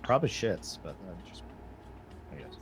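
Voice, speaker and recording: A man's voice: sits low, big pitch swings, normal speed, crowd noise. A man player in a casual tabletop game, making crude jokes. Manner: crude, joking.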